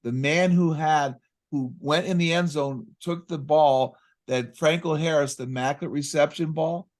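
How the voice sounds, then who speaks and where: A man in casual conversation, telling stories with excitement and acting out his exchanges with patients. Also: fairly high pitch, normal speed. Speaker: chiropractic practice coach.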